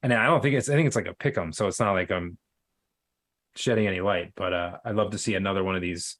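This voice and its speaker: Low-voiced rambling man in casual chat. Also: fast talker, a bit bright. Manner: rambling storyteller with many fillers. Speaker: podcast co-host.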